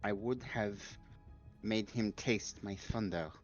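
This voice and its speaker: A man's voice: fairly low pitch, slow pace, dull audio, soft background music. A man voicing a proud female warrior who speaks in a grand, formal way. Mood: boastful.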